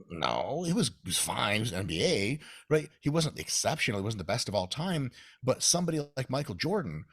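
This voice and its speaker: Profane, animated man with a husky voice. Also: on the low side, no echo, studio quality. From Russia. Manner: profane, animated ranting with mock quotes. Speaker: podcast guest, coach. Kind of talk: casual podcast chat.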